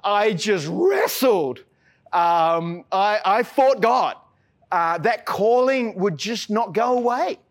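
A man's voice: high-pitched, expressive, takes it slowly. A middle-aged Australian man and pastor, giving a sermon in an earnest, self-deprecating way with a casual, joking streak.

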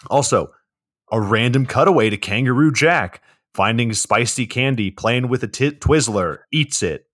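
A man's voice: mid-range voice, animated, moderate pace, fairly bright tone, no echo, studio quality. A man co-hosting a podcast, recapping a movie plot in a laid-back way with lots of swearing and fillers. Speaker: podcast co-host.

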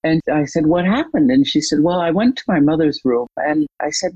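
A coach and trainer, a guest in an interview, who tells a client story with lively retelling and acts out the quoted dialogue. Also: medium pitch, a little fast, breathy edge, dry recording, muffled recording.

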